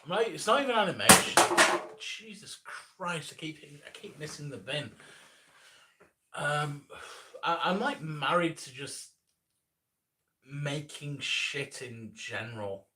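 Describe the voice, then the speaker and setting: A man's voice: on the high side, animated, a little slow, pauses often, distant mic, heavy background noise. A man in his thirties, an animator chatting casually on a live stream, rambling and self-deprecating, with lots of restarts. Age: 30s.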